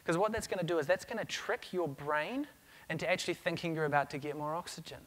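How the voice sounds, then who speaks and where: A middle-aged man delivers a keynote to a conference crowd. His voice sits slightly high for a man, and he tells stories with energy, often doubling back on his words. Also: fast. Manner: energetic storytelling with frequent restarts. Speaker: conference speaker. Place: conference stage.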